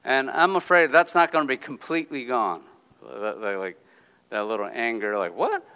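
Animated preacher in a reverberant hall. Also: male voice, mid-range voice, normal speed, smooth. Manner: animated preaching, acting out quotes, swings from quiet to loud. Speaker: pastor. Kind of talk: sermon.

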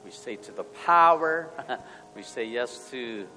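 A male pastor leading an earnest spoken prayer, moving between hushed and loud passages. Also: medium pitch, animated, takes it slowly. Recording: long hall reverb, soft music.

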